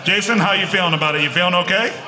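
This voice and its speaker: A man's voice: high voice, very fast, reverberant, poor audio. A man hosting a podcast in casual chat, teasing his guests, laughing and swearing freely. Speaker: podcast host. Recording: loud crowd chatter behind. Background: crowd chatter.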